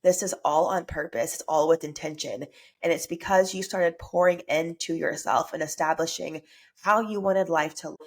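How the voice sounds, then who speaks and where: A woman hosting a solo motivational podcast, speaking in an upbeat, earnest way while congested with a stuffy nose and sore throat. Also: sits low. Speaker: podcast host.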